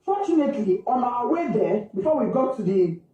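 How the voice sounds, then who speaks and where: A woman with a Nigerian accent, a mother slowly and emotionally recounting what happened to her daughter. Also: a little high, sing-song, warm tone. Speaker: grieving mother recounting events. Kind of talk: emotional personal account. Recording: distant, echoey, muffled replayed clip.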